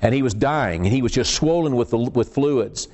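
A man's voice: medium pitch, moderate pace, a little mellow. A man preaching a sermon, telling the story in a folksy way with frequent restarts and repeated words.

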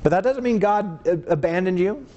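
A man preaching a sermon and reading scripture aloud, earnest, asking rhetorical questions and dropping low and slow to stress a point. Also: lively intonation, warm tone, lo-fi sound.

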